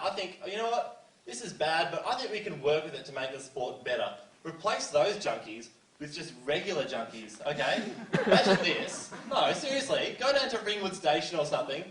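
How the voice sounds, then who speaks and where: Brisk and expressive, a teen comedian with a high-leaning, fairly bright voice rambles through a self-deprecating set loaded with fillers at a school comedy show. The distant recording catches the echoey hall and an audience laughing along.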